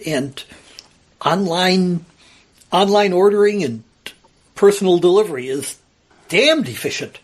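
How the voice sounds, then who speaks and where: Older guy, husky voice, tells a story with lots of ups and downs in pitch. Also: measured pace, pauses often. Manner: animated storyteller, acts out quoted voices. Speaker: interviewee telling a personal story. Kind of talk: casual storytelling. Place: old house at home.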